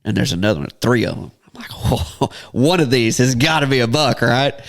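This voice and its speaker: A man's voice: mid-range voice, lively intonation, fairly quick, vocal fry. Chuckling man telling a story. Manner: laughs often while telling a story. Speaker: podcast host. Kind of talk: casual storytelling chat.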